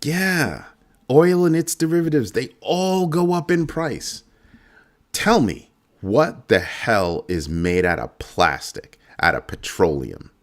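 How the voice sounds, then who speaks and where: A middle-aged man who hosts a finance channel delivers a heated, sarcastic ranting monologue with strong emphasis. His mid-range voice is sing-song and slow.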